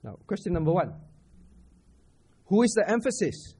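A man with a Singaporean English accent preaches a sermon teaching scripture at a church camp, speaking at a moderate pace in a high, very animated voice with a darkish tone. He addresses the audience conversationally, asking questions and repeating his points, with a little hiss or hum in the background.

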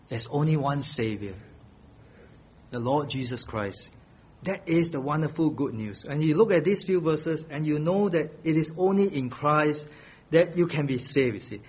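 A man's voice: on the high side, animated, moderate pace, darkish tone, breathy edge. A middle-aged male pastor preaching a sermon, earnest and pleading, repeating his key phrases.

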